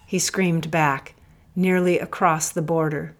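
A woman narrates a first-person story in a low voice. Her delivery is intense and emphatic, leaning hard into the dramatic moments. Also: little pitch movement, measured pace.

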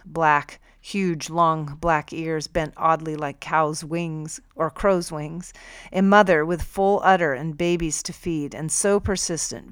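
Woman calmly narrating an audiobook. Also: deep voice, smooth, no room sound, clean studio sound. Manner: calm, measured storytelling. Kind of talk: first-person audiobook narration.

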